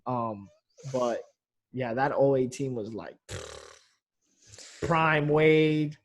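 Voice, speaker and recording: A man's voice: medium pitch, drawn-out words. A man, a comedian, chatting casually on a podcast in a loose, rambling way, full of fillers and the odd curse. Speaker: comedian guest.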